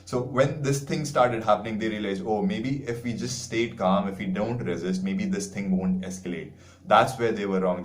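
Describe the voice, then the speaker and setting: A man's voice: sits low, darkish tone, slight background noise, poor audio. A man teaching an online class, talking earnestly in a rambling way with many "like" fillers. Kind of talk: online video lecture.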